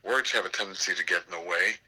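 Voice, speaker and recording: Older guy, theater prof, spinning stories, lowish voice, really bright and forceful, gets animated. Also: quick pace, breathy edge, low-quality recording. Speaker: theater professor. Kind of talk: storytelling interview over a call.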